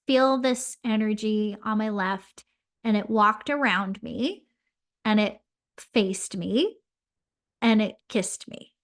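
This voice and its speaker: A woman's voice: medium pitch, fairly bright tone. A woman hosting a podcast who tells a personal story in an earnest, heartfelt way, often using "um" and "like". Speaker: podcast host and spiritual medium.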